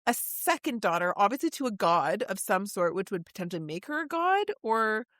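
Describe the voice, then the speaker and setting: A woman's voice: mid-range voice, sing-song, brisk, a bit bright, dry recording, clean studio sound. A woman co-hosting a book podcast who thinks aloud in a scattered, giggly way. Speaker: podcast co-host. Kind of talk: casual book club chat.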